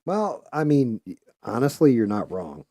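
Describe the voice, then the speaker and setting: A man's voice: mid-range voice, sing-song, normal speed, dark tone, no room sound, clean studio sound. A man hosting a live stream, talking bluntly and profanely in casual chat. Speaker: live show host.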